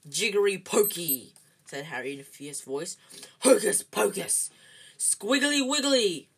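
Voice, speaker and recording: A reader voicing a cool, quick-witted boy wizard in a read-aloud storybook, dry and unbothered. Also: medium pitch, lively intonation, a bit bright, husky. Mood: fierce. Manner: cool and dry, turning fierce.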